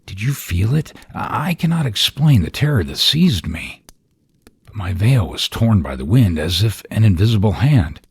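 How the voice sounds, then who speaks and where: A man's voice: on the low side, very animated, moderate pace, slightly rough, no echo, voice pushed up, heavily acted. A man voicing a frightened young wife in a spoken ghost story, breathless and shaken.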